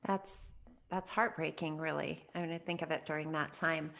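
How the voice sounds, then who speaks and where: A woman's voice: low-pitched, steady tone, normal speed, gravelly, fairly bright tone. A woman hosting a casual interview who asks long, probing questions with curiosity. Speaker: host.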